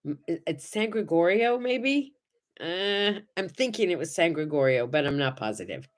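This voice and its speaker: Chatting to live viewers on her morning show at a moderate pace, this host tells stories with lively expression, voicing each character. When she greets viewers, she breaks into high squeals.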